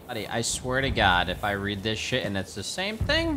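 Profane, animated man streaming a game. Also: on the low side, moderate pace, hardly any pauses, background noise. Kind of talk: live gameplay commentary. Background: game music.

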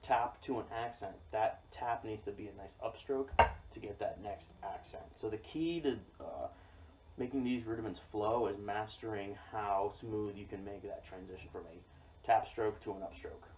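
Man, drum instructor, fairly low voice, relaxed explanations, mic set back, loud background noise with stick clicks. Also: normal speed, recorded from a distance. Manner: relaxed, explanatory, frequent "okay?" checks. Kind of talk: casual instructional demo.

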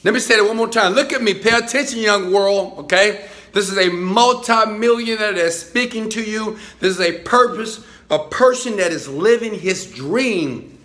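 A man giving a hyped motivational talk to his phone camera in a high-rise apartment, chanting and repeating phrases. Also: normal speed, sharp tone. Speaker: motivational speaker.

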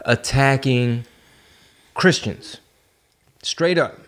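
A man hosting a podcast in a loose, slangy way. His voice sits at a middle pitch, and he gets animated as he tells a story. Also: very slow. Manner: casual, slangy, animated when telling stories. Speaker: podcast host. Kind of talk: casual podcast chat.

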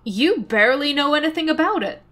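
A woman hosting a let's play, chatting casually and thinking out loud as she plays. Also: high-pitched, animated, brisk. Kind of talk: casual gameplay commentary.

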